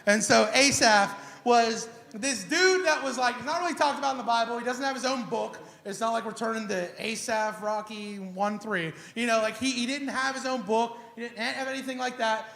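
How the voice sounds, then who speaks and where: A man preaching a sermon as a pastor, in a casual, slangy and animated way. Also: very high-pitched, moderate pace, creaky, hardly any pauses. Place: church sanctuary. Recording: echoey church hall.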